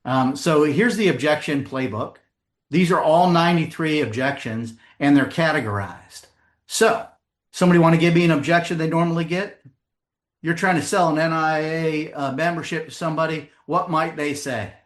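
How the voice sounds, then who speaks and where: Middle-aged guy running a sales workshop, slightly high voice, jokey storyteller. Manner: storytelling with comic voices and quick asides. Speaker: sales trainer presenter. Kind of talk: live seminar presentation with audience.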